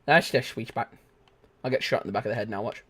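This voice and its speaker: A young man giving live gameplay commentary, chatting casually and shouting sudden excited exclamations. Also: on the low side, fast talker. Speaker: gaming video host.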